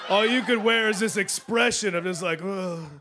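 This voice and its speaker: A man in his late thirties doing a rambling, self-deprecating stand-up set on a studio stage, swinging between loud bursts and mumbled asides. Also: high-pitched, a little fast, background noise. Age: 30s. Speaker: stand-up comedian. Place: television studio stage with live audience.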